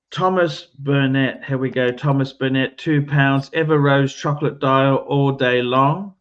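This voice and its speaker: A man's voice: mid-range voice, takes it slowly, smooth, lo-fi sound. A man hosting a livestream who gives blunt, bossy advice, swears often and restarts his sentences. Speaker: livestream host. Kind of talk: casual livestream chat.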